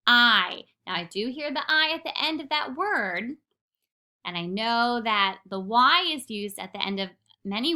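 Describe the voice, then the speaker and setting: A woman teacher giving a recorded phonics lesson to young children, patiently sounding words out slowly and clearly. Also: medium pitch, pushed and bright.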